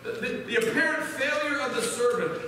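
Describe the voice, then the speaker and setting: A man's voice: very high-pitched, fairly quick, pushed and bright, a little hiss or hum. A pastor preaching a sermon in an earnest manner, often repeating words as he starts a sentence. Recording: echoey church hall from far off.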